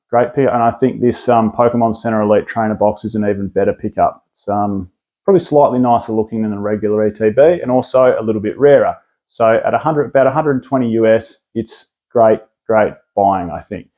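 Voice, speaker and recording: A man's voice: mid-range voice, lo-fi sound. A man with an Australian accent giving a casual, rambling rundown of collectible card products, full of restarts and fillers. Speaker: card collecting video host.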